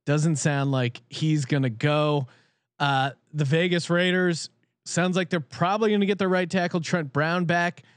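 A man's voice: fairly high pitch, fairly even intonation, a little slow, smooth, dry recording. A man co-hosting a sports betting show, talking bluntly and swearing freely as he gives his picks. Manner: blunt and profane, candid picks. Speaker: sports betting podcast co-host. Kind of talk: casual sports betting chat.

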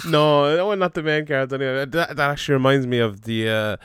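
A man's voice: mid-range voice, a little fast, a bit bright, clear, resonant tone, no room sound, clean studio sound. A man in his thirties with an Irish accent, hosting a casual podcast and chatting loosely, swearing and laughing often. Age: 30s. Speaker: podcast host.

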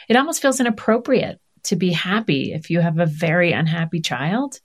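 A woman's voice: fairly low pitch, normal speed, few pauses. A woman in her fifties, a podcast guest talking candidly in conversation and acting out the voices of family members. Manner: animated, acts out quoted voices.

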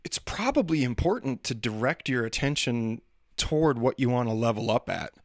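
A man's voice: medium pitch, big pitch swings, moderate pace, no echo. Chatty man, dry close sound. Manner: chatty, self-deprecating, demonstrates singing sounds. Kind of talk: casual monologue.

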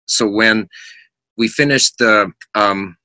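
Bright-voiced man telling road stories. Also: fairly low pitch, slow pace, no room sound. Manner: animated anecdotes, acts out quotes, laughs often. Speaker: rock singer, guest. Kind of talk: casual storytelling in a podcast interview.

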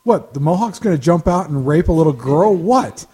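A man's voice: on the high side, animated, a little fast, darkish tone, husky. A man telling rambling anecdotes on a casual podcast, chuckling now and then. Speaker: podcast co-host. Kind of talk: casual storytelling chat.

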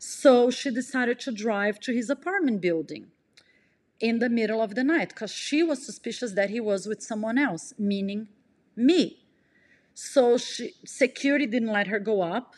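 A woman telling a personal story in an emotional, breathless way, jumping in pitch as she acts out what people said. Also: normal speed, a little mellow. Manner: emotional, breathless retelling, acts out quotes with big pitch jumps. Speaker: podcast storyteller.

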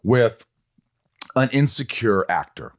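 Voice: medium pitch, big pitch swings, slow. A podcast host interviewing a guest, playful and jokey, often talking over them. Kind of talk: casual interview chat.

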